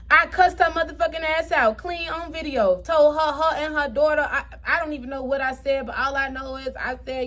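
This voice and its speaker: A young woman with a high voice tells a personal story to her viewers in a casual, unscripted way. She talks in a heated, profane manner, her pitch jumping up and sinking low as she relives the events. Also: moderate pace, a bit bright. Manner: heated and profane, swings up and down in pitch while retelling. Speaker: storytime vlogger.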